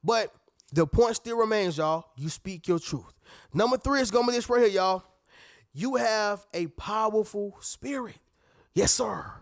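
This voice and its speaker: Preachy man with a high, dry voice. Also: normal speed, creaky, smooth, dry recording. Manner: animated, preachy, calls out to his audience. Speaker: motivational speaker. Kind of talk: preachy motivational talk.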